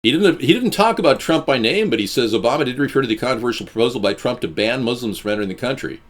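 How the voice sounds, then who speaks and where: A man of middle pitch hosts a live stream with a very animated, swinging delivery. He rants sarcastically at his viewers and jokes around, dropping into low tones and jumping up high. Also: fast talker. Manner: sarcastic, ranting, jokey; swoops between high and low voices.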